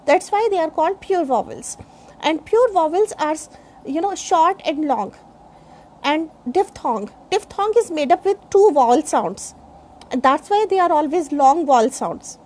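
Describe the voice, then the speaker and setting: A woman teaching pronunciation in a lecture, spelling words out letter by letter and often pausing with fillers. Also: sits high, expressive, a little mellow. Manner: slow, explains step by step, spells words letter by letter; frequent fillers like uh and you know. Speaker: English speaking teacher.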